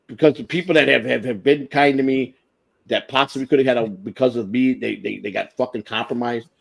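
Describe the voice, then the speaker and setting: A man's voice: medium pitch, fairly even intonation, brisk, gravelly, breathy edge. An older man in casual chat on a live stream, talking in an emotional, profane and self-deprecating way. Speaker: stream host.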